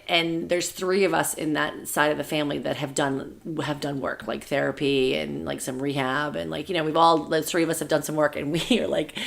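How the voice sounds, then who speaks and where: A woman in her thirties talks quickly in a relaxed podcast chat, her voice sitting a little low. She strings thoughts together with fillers and breaks into laughter while telling stories. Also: creaky. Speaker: podcast co-host. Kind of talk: casual chat.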